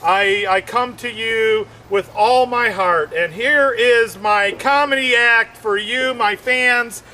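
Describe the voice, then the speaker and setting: A middle-aged man with a strikingly high, piercingly bright voice performs a stand-up comedy routine. He talks slowly and rambles, repeating himself and leaning on fillers. He acts out lines in a theatrical, exaggerated way. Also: a little hiss or hum.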